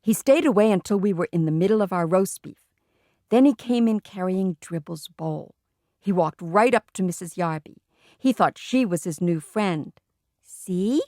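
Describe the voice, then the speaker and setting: A woman narrating a children's book in the first person, telling it in a lively way. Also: lowish voice, moderate pace, dry recording, clean studio sound. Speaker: audiobook reader.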